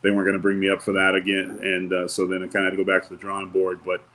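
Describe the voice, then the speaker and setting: A man's voice: low voice, completely flat delivery, rapid-fire, fairly bright tone. A man telling stories in a casual interview, loose and rambling, acting out the people he quotes. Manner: loose, rambling, with many fillers and restarts. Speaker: wrestling guest.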